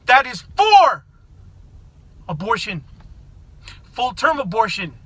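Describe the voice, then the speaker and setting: A middle-aged man from the United States rants furiously to his viewers, swearing and often breaking into shouts. His voice sits unusually high and sounds sharp and bright. The recording is dry, with no room echo. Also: lively intonation, normal speed. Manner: profane, shouting, confrontational. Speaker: vlogger. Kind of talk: angry political rant to camera.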